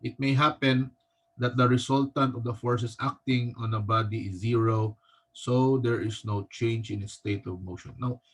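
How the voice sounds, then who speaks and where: A male teacher with a Filipino accent giving a recorded physics lecture, halting often and tagging his sentences with a questioning "no?". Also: medium pitch, fairly even intonation. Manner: halting, with frequent restarts.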